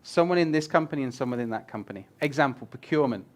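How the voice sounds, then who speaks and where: Talking very fast at a medium pitch, a man gives a joking, casual presentation on user experience design. He's animated in front of a live audience in an event room, bantering with the crowd and swearing occasionally.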